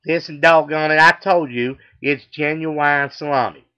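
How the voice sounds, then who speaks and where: Stubborn Texan guy, Southern drawl, pitched up, loud, insistent, as a man puts him on. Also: fairly even intonation, a little slow, smooth, highs cut off, lightly acted. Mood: blustery insistent. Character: blustery Texan male customer, stubborn and loud.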